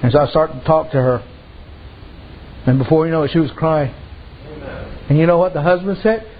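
A man with a high, bright-sitting voice delivers a homespun sermon, telling stories and punctuating them with "amen" and "you know." The recording is dull and lo-fi, with faint noise underneath. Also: brisk. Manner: folksy storytelling with frequent "amen" and "you know". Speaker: preacher.

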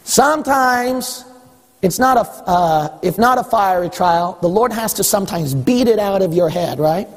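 A man's voice: high-pitched, lively intonation, unhurried, long reverb tail. A male pastor preaching a sermon, building emphasis and teasing his congregation along the way.

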